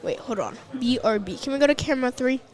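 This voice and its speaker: Young woman on a close mic rambling through live coverage, lots of ums, giggly, voice sits kinda high. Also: fast talker. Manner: rambling, filler-heavy, giggly. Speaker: livestream co-host. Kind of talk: casual live commentary.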